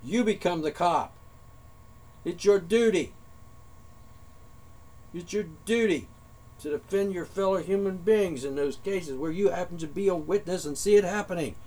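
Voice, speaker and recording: A man's voice: high voice, brisk, hardly any pauses, warm tone. A man delivering a heated, profane monologue rant straight at his listeners. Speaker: vlogger.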